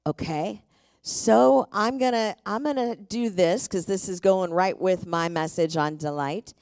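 A middle-aged woman pastor preaching a sermon from a church stage, leading the congregation in call-and-response, her voice a little deeper than usual. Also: a little slow, darkish tone. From Tacoma, USA.

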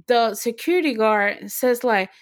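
A young woman co-hosting a podcast, telling a story in a casual, excitable way, full of fillers and restarts. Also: on the high side, unhurried. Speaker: podcast co-host. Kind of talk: casual chat.

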